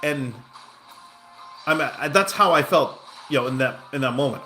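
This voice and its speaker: A man's voice: mid-range voice, expressive, moderate pace, pauses often, sharp tone, soft background music. A man chatting casually on a livestream, telling a rambling story full of fillers and restarts while reacting to his game. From Southern California. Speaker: game streamer.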